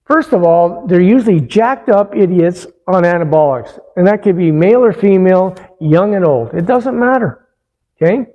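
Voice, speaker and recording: A man's voice: sits high, lively intonation, normal speed. A man who coaches fitness, ranting bluntly and angrily, swearing often and breaking off to restart his sentences. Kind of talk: ranting monologue. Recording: dull roomy sound with long reverb.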